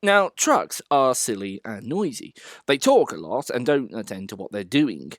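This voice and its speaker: A man narrating a children's storybook in an expressive, animated reading voice. The recording is close and dry, with no room sound. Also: medium pitch, unhurried, no room sound.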